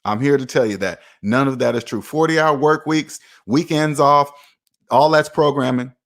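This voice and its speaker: At a moderate pace, a man with a mid-range, fairly bright voice gives a casual motivational talk as a personal finance vlogger. He's emphatic and a bit preachy, addressing viewers head-on and repeating points to drive them home.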